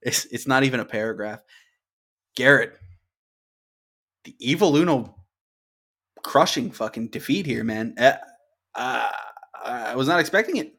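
On a laid-back wrestling podcast, a young co-host chats about the latest matches, loose and profane, building excitement as he goes and often talking right over his co-host. His voice sits in the mid-range, with a measured pace and frequent pauses.

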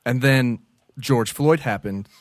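A man's voice: mid-range voice, takes it slowly, dry recording, clean studio sound. A man hosting a podcast, chatting casually and joking as he explains the news. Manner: jokey, explains the news plainly. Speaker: podcast host.

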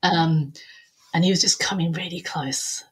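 A woman, a podcast guest telling a personal story in conversation. She retells it lively, acting out what people said and often filling pauses with "um". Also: on the low side. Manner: lively retelling, acting out quoted dialogue, frequent "um" and "I was like".

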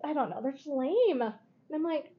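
A woman's voice: high voice, animated, moderate pace. A woman co-hosting a casual podcast chat, laughing often, swearing freely and acting out what people said. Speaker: podcast co-host. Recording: dull lo-fi recording.

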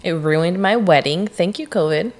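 A woman co-hosting a podcast in casual chat, talkative and quick to jump in with her opinions. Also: lowish voice, darkish tone. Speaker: podcast co-host.

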